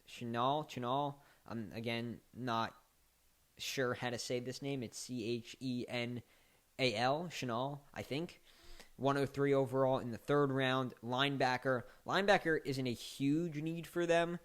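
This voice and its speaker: A man giving casual sports commentary as a podcast host, chatty and joking, his voice climbing into animated, mocking outbursts. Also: medium pitch, unhurried, clear, resonant tone. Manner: chatty, laughs and mocks with rising animated outbursts.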